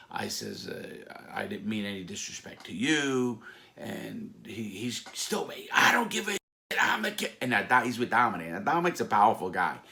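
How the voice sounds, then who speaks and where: A man telling stories from his past in a casual, animated way, acting out other people's voices with sudden loud outbursts. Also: deep voice, vocal fry. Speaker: former mob associate telling stories. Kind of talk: casual storytelling.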